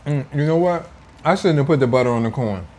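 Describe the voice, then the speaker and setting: A man's voice: medium pitch, fast talker, a little mellow. A man hosting a casual food vlog, playful and teasing as he talks to viewers at home. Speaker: food vlogger. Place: indoors at home.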